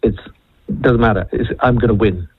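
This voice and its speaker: A man from Wales calling in to a radio show, joking in a relaxed way. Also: on the low side, normal speed, husky, no echo, phone-quality sound. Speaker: caller, host's husband. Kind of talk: casual radio chat.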